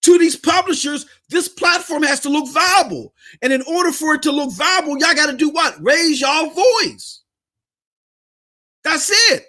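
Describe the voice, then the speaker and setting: Unhurried yet heated, this Southern US man hosts a podcast and delivers a blunt, slangy, fiery rant. He speaks in a very high-pitched, pushed, bright voice.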